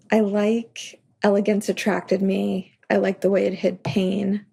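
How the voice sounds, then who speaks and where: Woman, podcast guest author, chatty and anecdotal; gravelly, husky voice. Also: mid-range voice, little pitch movement, slow pace, dark tone. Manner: chatty, full of "like", acts out her own anecdotes. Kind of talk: casual podcast interview.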